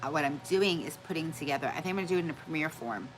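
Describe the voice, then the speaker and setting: A woman's voice: sits low, lively intonation, rapid-fire, music in the background, low-quality recording. A woman hosting a casual live stream, chatting with viewers and greeting them by name, often laughing at her own forgetfulness. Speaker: livestream host.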